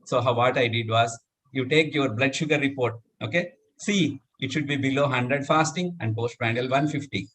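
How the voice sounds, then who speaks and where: A middle-aged man teaching laughter yoga, talking the group through the steps and breaking into loud cheers and laughter. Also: medium pitch, moderate pace, slightly rough. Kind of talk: live demonstration talk.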